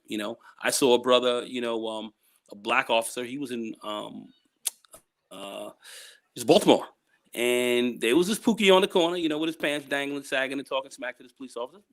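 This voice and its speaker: A male guest speaks in a loose, rambling way, piling up "you know"s between his points. His voice sits at an ordinary middle pitch. The talk is casual and unscripted. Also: fairly bright tone. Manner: rambling, repeats "you know", acts out quoted people. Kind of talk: casual discussion.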